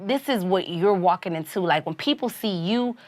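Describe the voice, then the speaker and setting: A woman's voice: on the low side, moderate pace. Candid woman telling a personal story. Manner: animated, drops into quoted voices, many "you know what I'm saying". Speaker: podcast guest.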